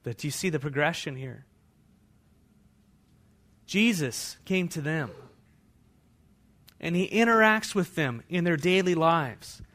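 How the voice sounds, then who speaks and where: A pastor preaching a sermon, moving between hushed, intimate passages and loud, fervent scripture readings. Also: male voice, a little high, expressive, slow pace, pauses often. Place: church.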